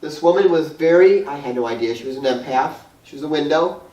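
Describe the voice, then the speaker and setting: A man's voice: a little high, a little fast. Man, New York accent, rambling storyteller, far from the mic, roomy hall. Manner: animated, rambling with restarts and laughter. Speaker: guest speaker. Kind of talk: storytelling to a group.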